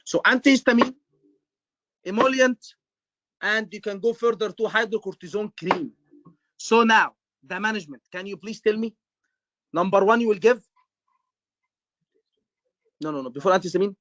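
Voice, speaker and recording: A man's voice: high voice, moderate pace, pauses often, fairly bright tone, no echo, lo-fi sound. A man tutoring medical students in a live online lecture. He keeps repeating his questions and stresses the key points. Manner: repetitive, quizzing students, emphatic.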